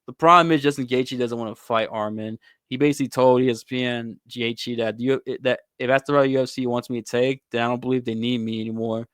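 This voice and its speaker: A male host delivers casual, opinionated sports commentary with a blunt, slangy edge. His voice is smooth and clear at an ordinary pitch. The recording is close and dry, with no room sound. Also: fairly even intonation, fairly quick, hardly any pauses, a bit bright, no room sound. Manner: blunt, opinionated, swears and says "bro".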